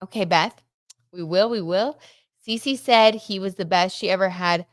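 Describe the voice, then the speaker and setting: A woman's voice: medium pitch, moderate pace, no room sound, clean studio sound. A woman hosting a tarot gossip livestream, chatting casually and reading out viewer comments, with lots of fillers like "like" and "um". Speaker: tarot reader and livestream host.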